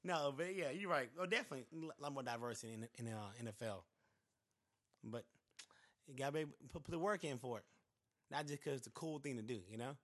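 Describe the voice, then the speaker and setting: A man in casual podcast chat, talking fast and animated, laughing often and filling his speech with "you know". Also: medium pitch. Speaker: podcast co-host.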